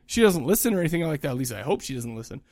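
Talking very fast and very animatedly, this podcast co-host rambles casually and keeps restarting what he says. His voice is a little high and a little mellow, captured with studio quality and no room sound.

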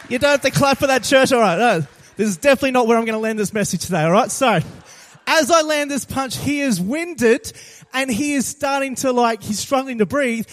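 A young man, a pastor telling a dramatic story in an animated sermon to his congregation, with bursts of loud emphasis. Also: extremely high pitch.

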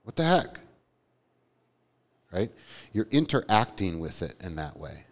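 A man's voice: deep voice, big pitch swings, measured pace. A man co-hosting a live podcast, talking earnestly and with emphasis, often asking "right?". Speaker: podcast co-host, theology teacher. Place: live event before an audience.

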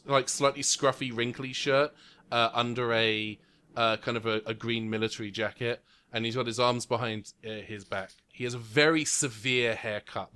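A man's voice: medium pitch, fairly bright tone, clear, resonant tone. A man narrating as game master in a tabletop role-playing game, rambling descriptions full of fillers. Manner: rambling with many fillers, voices figures briefly. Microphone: remote recording.

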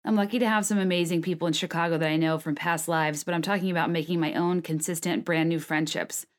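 A woman in her late twenties talking casually and quickly, with many filler "like"s, then reading her own blog post aloud. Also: fairly low pitch, fairly even intonation. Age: late 20s.

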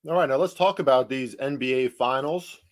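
A man's voice: medium pitch, fairly quick. Male podcast host with a New Jersey accent: emphatic, chatty solo sports betting talk, mid-range voice. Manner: emphatic, rhetorical, chatty with fillers.

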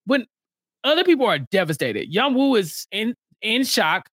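A man talks casually through a reality show recap, and his voice sits high and swings widely in pitch as he acts out the quotes. The recording is dry and close, with no room sound. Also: sing-song, normal speed, a bit bright, breathy edge, no room sound. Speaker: podcast co-host.

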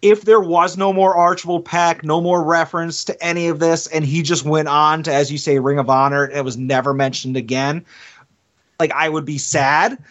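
A man co-hosting a podcast, enthusiastically recapping matches and thinking out loud in casual chat with some swearing. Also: a little high, fairly even intonation, moderate pace. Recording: muffled lo-fi sound.

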